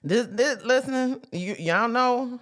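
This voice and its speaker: A woman's voice: a little high, takes it slowly, a bit bright. A woman hosting a casual spiritual talk for her viewers, chatty and emphatic, with profanity and sudden whoops. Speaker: host.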